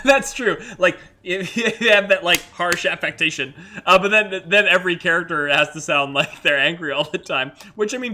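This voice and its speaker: Bright-voiced voice actor riffing casually. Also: male voice, a little high. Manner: rambling, animated, many fillers. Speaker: host and voice actor. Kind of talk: casual livestream chat.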